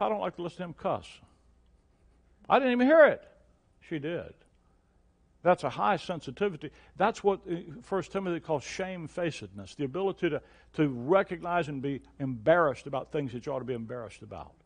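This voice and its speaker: An older man preaching an emphatic sermon as pastor, his delivery rising to loud, forceful peaks. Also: a little high, creaky.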